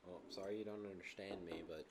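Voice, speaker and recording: A man's voice: sits low, fairly even intonation, fast, gravelly, crowd noise. A young man co-hosting a casual podcast, playful and teasing, often laughing. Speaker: podcast co-host. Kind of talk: casual chat.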